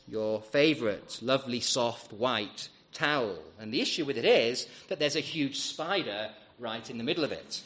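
Man, preacher, emphatic sermon delivery, dramatic pauses, slightly high voice. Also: a bit bright.

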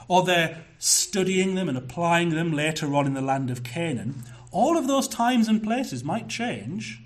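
A pastor preaching a sermon, measured and emphatic, slowing down to stress key phrases. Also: male voice, on the high side.

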